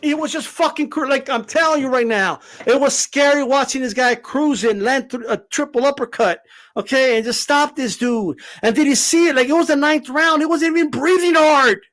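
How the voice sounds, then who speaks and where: A man giving a casual, animated opinion rant as a boxing commentator, profane and full of fillers. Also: extremely high pitch, moderate pace.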